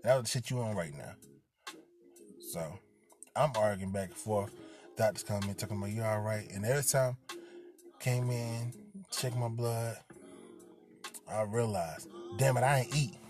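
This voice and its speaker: A man's voice: on the low side, unhurried, long pauses, music in the background. Cursing man telling a hospital story. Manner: profane, streetwise retelling with voiced quotes. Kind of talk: casual storytime.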